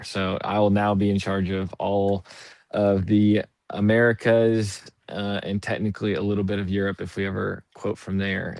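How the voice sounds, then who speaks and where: A man calling in to a live podcast from a warehouse at his work, relaxed and dry. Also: on the low side, gravelly, dry recording. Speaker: guest. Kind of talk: casual chat on a video call. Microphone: video call.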